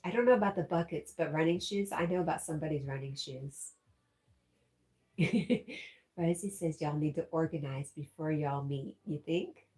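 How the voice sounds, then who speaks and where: A woman's voice: low voice, normal speed, a little mellow. A woman hosting a casual livestream, reading out viewer comments and laughing often. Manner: giggly, reads out chat messages. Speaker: livestream host.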